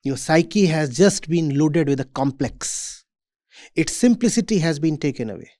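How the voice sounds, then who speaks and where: A man giving a reflective talk to students as a spiritual teacher. He speaks in a deliberate, measured way. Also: fairly high pitch, animated, mellow.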